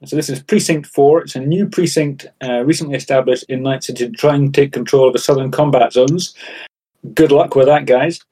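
A man narrating and running a tabletop role-playing game as game master, in a relaxed, chatty way. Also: medium pitch, a little fast, breathy edge.

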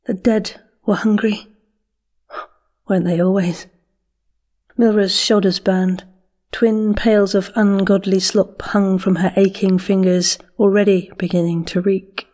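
A woman reading dark fantasy narration in a measured, steady way. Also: medium pitch.

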